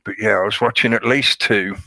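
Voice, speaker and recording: A man's voice: fairly low pitch, steady tone, fairly quick, bright, forceful tone, dry recording. A man hosting a live stream, rambling casually and sarcastically, laughing often.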